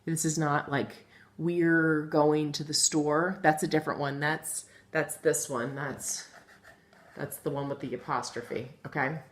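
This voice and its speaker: A middle-aged woman with a low voice and flat, unhurried delivery teaches young children a phonics lesson. She addresses them directly as "guys" and patiently spells words out letter by letter.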